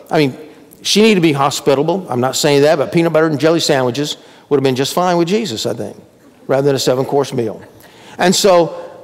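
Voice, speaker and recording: A man preaching a sermon as pastor in a conversational way, swinging between emphatic rises and quiet drops. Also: fairly high pitch, big-room sound. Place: church sanctuary.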